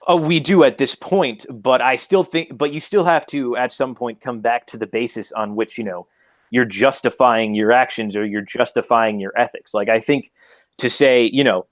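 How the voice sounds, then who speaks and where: A man's voice: mid-range voice, normal speed, dry recording. A man who is a guest on an online debate show, talking in a hesitant, searching way with many fillers. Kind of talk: casual debate chat.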